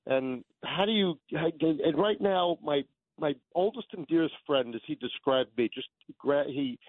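Male call-in listener, halting storyteller, heard over a thin phone line. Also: on the high side, dry recording. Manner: rambling, stammering, storytelling. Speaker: caller. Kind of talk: call-in radio chat.

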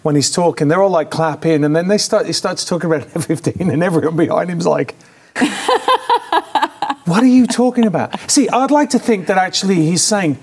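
A man co-hosting a casual political talk show, animated and mocking, laughing often as he talks. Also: fairly high pitch, quick pace, few pauses, breathy edge. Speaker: co-host.

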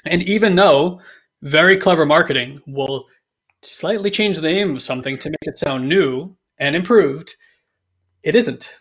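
A man's voice: a little high, moderate pace, a bit bright, breathy edge. A man co-hosting a podcast in casual talk, rambling, repeating himself and joking around. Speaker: podcast co-host. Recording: dull lo-fi sound.

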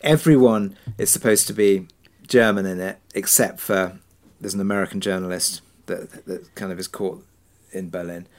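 Relaxed man thinking aloud. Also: low-pitched, normal speed, few pauses. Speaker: drama producer, guest. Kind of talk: reflective interview answers.

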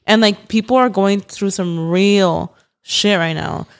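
A woman's voice: mid-range voice, slow, gravelly. Earnest young woman from California. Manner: earnest, lots of "like" fillers, sprinkled swearing. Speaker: podcast co-host. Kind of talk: casual chat. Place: podcast studio.

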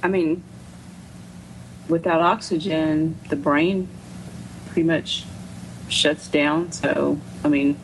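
A woman's voice: deep voice, fairly even intonation, takes it slowly, long pauses, a little hiss or hum, low-quality recording. A woman in casual chat, answering with dry, teasing remarks. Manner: dry, teasing, short replies.

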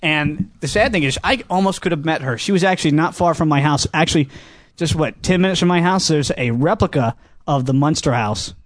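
A man's voice: on the high side, fairly quick, dry recording. A young man hosting a casual radio show, bantering and joking with his co-host.

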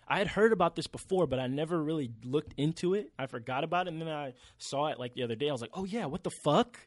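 A young man co-hosting a podcast, talking in an animated, slangy way and swearing freely. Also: on the high side, fast, no echo. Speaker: podcast co-host. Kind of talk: casual chat.

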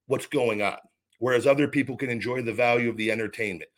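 A man's voice: medium pitch, steady tone, quick pace. A man hosting his own podcast, delivering a heated, profane rant full of repeated restarts. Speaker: podcast host. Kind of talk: podcast monologue.

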